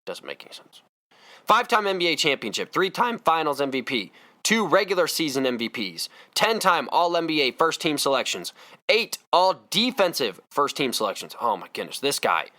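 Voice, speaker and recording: Male podcast host, emphatic sports rant, bright tone, animated delivery. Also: fairly high pitch, normal speed. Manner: fired-up, emphatic ranting.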